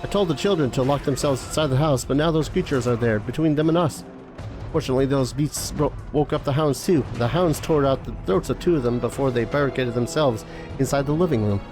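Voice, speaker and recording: A man's voice: mid-range voice, a little fast, over music, close to an everyday voice. A man voicing a worried middle-aged village mother in a game, reading her lines plainly.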